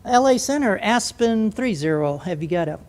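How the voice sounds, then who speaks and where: A man's voice: high-pitched, lively intonation, moderate pace, very noisy. A man playing a backseat crewman making a radio call in his best innocent voice. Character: deadpan male backseat crewman.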